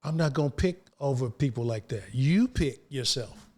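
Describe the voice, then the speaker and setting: At a moderate pace and medium pitch, an older guest actor shares stories in a laid-back interview. He's animated, speaks in slang, and acts out whatever lines he quotes.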